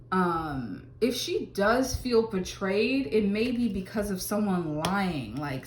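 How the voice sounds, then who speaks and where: A woman's voice: mid-range voice, reverberant, slight background noise. A woman giving a casual tarot reading to camera, chatty, with many fillers and exclamations. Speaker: tarot reader.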